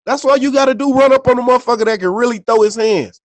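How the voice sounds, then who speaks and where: A man's voice: extremely high pitch, fast talker, dry recording. A man co-hosting a podcast, telling stories in casual, slangy, profane chat with constant "you know what I'm saying" tags. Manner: loose, conversational storyteller. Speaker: podcast co-host. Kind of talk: casual unscripted chat and storytelling.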